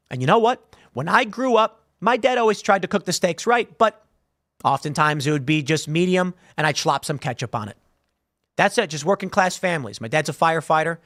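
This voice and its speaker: High, lively sarcastic male commentator. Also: no echo, clean studio sound. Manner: sarcastic, mocks canvassers with impressions; blunt and conversational. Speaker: political commentary show host. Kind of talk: animated political commentary.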